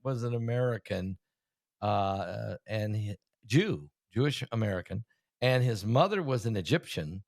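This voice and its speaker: A man's voice: lowish voice, animated, a little slow, vocal fry, darkish tone, no room sound, clean studio sound. A man hosting a casual talk show, a preacher who talks in a chatty, hesitant way with many fillers. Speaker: host, preacher.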